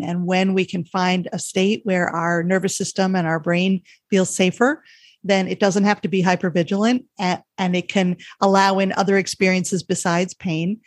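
A woman's voice: on the low side, dry recording, studio quality. A woman hosting an interview podcast for physicians, asking questions and affirming her guest. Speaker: podcast host. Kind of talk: conversational interview.

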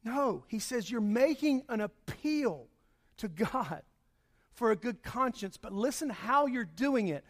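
At a church service, a pastor addresses his congregation in a very high, expressive voice, a little slow. His sermon moves from a conversational story into emphatic, raised-voice passages.

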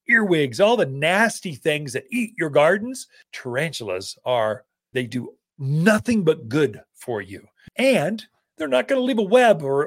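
A man's voice: on the high side, dry recording, studio quality. A man from Arizona hosting a gardening radio show, telling stories in a folksy, casual way with many loose asides.

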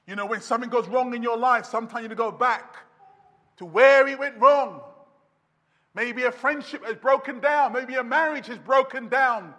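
High, bright-voiced male preacher in a hall. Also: normal speed. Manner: dramatic swings from shouts to near-whispers. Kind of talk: sermon. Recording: long reverb of a hall.

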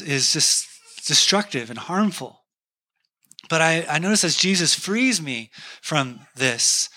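A man's voice: on the high side, pushed and bright. A man preaching a sermon, telling a candid, self-deprecating personal story to make his point. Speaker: pastor.

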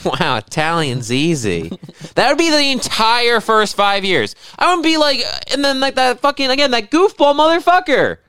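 A young man co-hosting a casual comedy podcast, rambling and swearing as he riffs with rising excitement. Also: very high-pitched, normal speed, few pauses, no echo. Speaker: podcast co-host.

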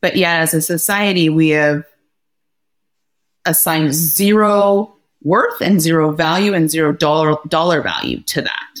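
A woman podcast host talks casually in a lowish voice, telling stories with energy and acting out the other voices in them. She keeps the tone relaxed and chatty. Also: measured pace. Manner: lively storyteller, acts out quoted dialogue. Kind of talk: casual conversation.

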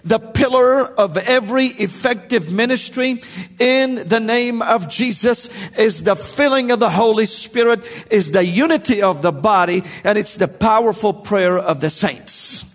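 A man's voice: high-pitched, measured pace, long reverb tail, soft background music. A man preaching a sermon, emphatic and repetitive, asking the congregation questions.

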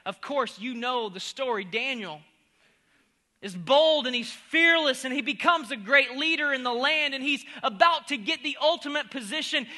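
A pastor preaching a humorous sermon, swinging from loud exclamations to near-whispers. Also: male voice, very high-pitched.

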